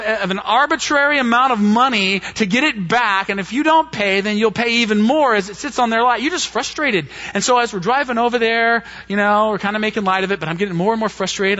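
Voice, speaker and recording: A man telling a story from the pulpit, animated and quick to act out what each person said. His voice sits high and sounds bright and forceful. The recording is dull and muffled. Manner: animated storyteller, acts out quotes. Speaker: pastor. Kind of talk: sermon storytelling.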